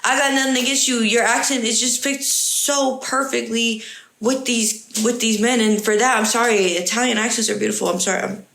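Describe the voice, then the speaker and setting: A woman's voice: a little high, fairly even intonation, normal speed, vocal fry, a bit bright, roomy sound. A young woman hosting a casual podcast, reading online stories aloud with profane, exasperated jokes. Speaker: podcast host.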